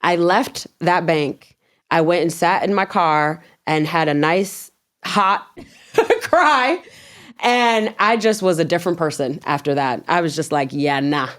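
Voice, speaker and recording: Animated woman telling a story with laughter. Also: on the low side, a little slow. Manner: animated, laughs often, acts out her own past words; blunt, swears freely. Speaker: guest. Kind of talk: storytelling in an interview.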